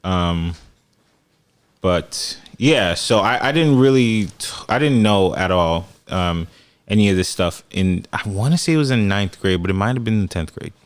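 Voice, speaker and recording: A man's voice: deep voice, a little slow, clean tone. A young man co-hosting a podcast, telling stories in casual chat and acting out the quotes. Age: young adult. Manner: animated storyteller, acts out quotes. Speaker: podcast co-host.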